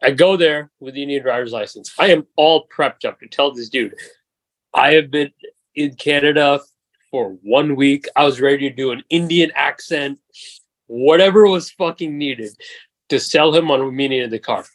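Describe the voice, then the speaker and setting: A man in his twenties telling a profane, animated story as a podcast host in casual chat. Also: medium pitch, normal speed, no echo, rough recording. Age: 20s.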